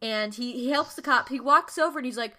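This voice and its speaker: Giggly lady on a movie podcast, bright sharp voice, very expressive. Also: fairly high pitch, brisk. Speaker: podcast co-host. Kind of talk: casual movie review chat.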